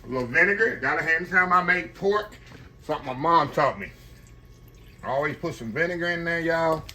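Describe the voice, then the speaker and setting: Fairly high-pitched and animated, a man talks fairly quickly through a casual home-kitchen cooking demo while background noise plays. His folksy, chatty style has him calling his viewers "y'all" again and again.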